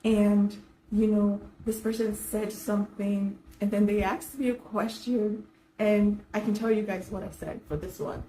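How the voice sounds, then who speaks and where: A woman's voice: medium pitch, flat delivery, a little slow, mellow, roomy sound, a little hiss or hum, low-quality recording. A woman talking casually to camera, giving self-help advice to professional women with frequent fillers and restarts. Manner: conversational, many fillers and restarts. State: slightly dry throat.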